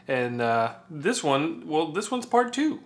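A man narrating a casual travel vlog, chatty and animated as he retells his mishaps. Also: on the high side, takes it slowly. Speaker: vlogger. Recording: music playing clearly underneath.

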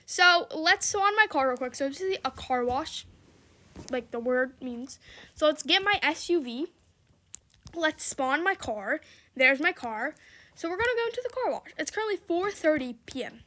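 A woman's voice: high voice, expressive, moderate pace, bright, forceful tone. A young woman giving casual, exclamatory commentary while playing a game, often frustrated and laughing. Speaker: gamer.

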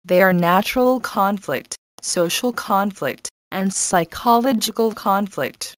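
A woman teacher reading an English lesson and a story aloud, slowly and carefully. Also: mid-range voice, dry recording. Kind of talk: scripted lesson narration.

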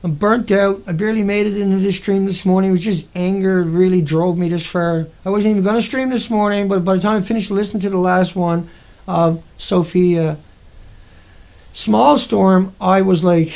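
A man with a Newfoundland accent hosts a livestream and rants in a heated, rambling, profane way. His voice sits high for a man and has a gravelly, fry-laden edge. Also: fairly even intonation, moderate pace, darkish tone. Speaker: livestream host. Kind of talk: angry livestream rant.

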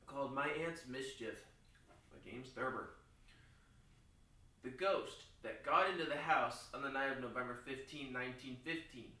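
A man's voice: medium pitch, normal speed, bright, forceful tone, heavy reverb, recorded from a distance. A man playing a silly mock teacher, rambling through books aloud with a lot of laughter. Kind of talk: playful mock classroom reading.

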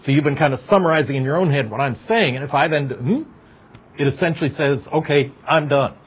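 A man's voice: fairly high pitch, rapid-fire, slightly rough. A middle-aged man giving a university psychology lecture, talking conversationally, asking the class questions and making wry asides. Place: lecture hall. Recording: dull lo-fi lecture recording.

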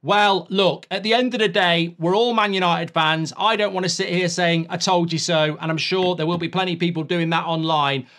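A man hosting a live football reaction, chatty and opinionated, shouting at goals. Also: sits high, steady tone, a little fast, hardly any pauses. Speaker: football fan channel host.

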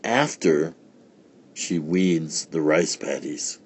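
A man reading a storybook aloud, voicing a cruel, scornful stepmother in a shrill, snapping voice. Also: slow pace, breathy edge, exaggerated voice. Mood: mock-sweet. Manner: shrill, snapping, mock-sweet.

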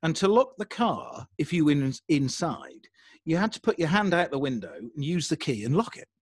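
A young adult English man telling a story in a casual interview, animated and self-deprecating. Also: on the high side, normal speed, breathy edge, no room sound, studio quality. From England. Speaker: podcaster guest.

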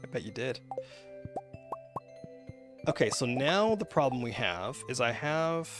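A man's voice: mid-range voice, sing-song, measured pace, over music. A man with a Canadian accent streaming a game live, rambling and chatting with viewers through lots of fillers and restarts. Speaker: gaming livestreamer.

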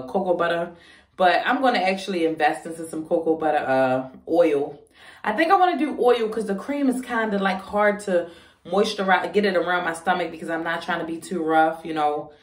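A woman's voice: fairly low pitch, roomy sound, far from the mic. A young adult woman chatting frankly about her pregnancy, with lots of fillers. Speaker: vlogger. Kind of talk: casual chat.

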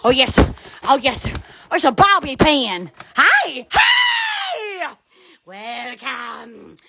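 A woman's voice: high voice, sing-song, slow, gravelly, raised voice, very noisy. A woman hosting a casual live stream from her phone at home, gushing, laughing often and exclaiming over and over. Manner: repeated exclamations. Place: indoors at home.

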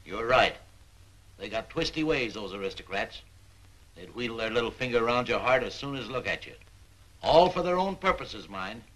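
An actor playing a blunt, folksy older grocer who grumbles about the nobility. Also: male voice, mid-range voice, lively intonation, normal speed, fairly bright tone, rough recording. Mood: grumbling. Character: gruff older male grocer, blunt, distrustful of nobles. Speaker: shopkeeper.

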